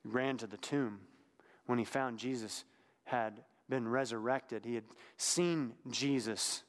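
A man's voice: medium pitch, measured pace. Reflective male preacher in a reverberant hall. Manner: conversational and reflective, drops to a hushed tone at times. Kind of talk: sermon.

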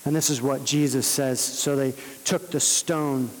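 A man's voice: mid-range voice, steady tone, a little slow, slight background noise. Man preaching in a reverberant hall. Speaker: pastor. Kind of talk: sermon.

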